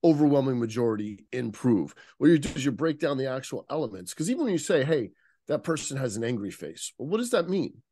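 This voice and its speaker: This nonverbal communication instructor, appearing as a guest on a casual podcast interview, has a very animated, warm, medium-pitched male voice and talks fast. He explains in an instructor's manner, breaking off to hunt for the right word. The studio sound is clean, without echo.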